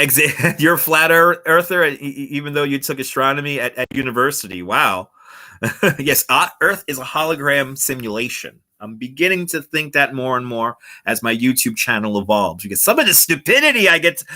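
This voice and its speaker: Outdoors on a wireless lapel mic, a man with a mid-range, sharp-toned voice hosts a casual livestream. He's chatty, reading out and answering the chat while laughing often.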